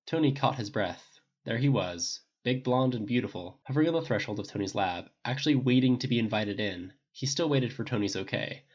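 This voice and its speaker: A man giving steady scripted audiobook narration on a dull lo-fi recording. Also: medium pitch, fairly quick, hardly any pauses, breathy edge.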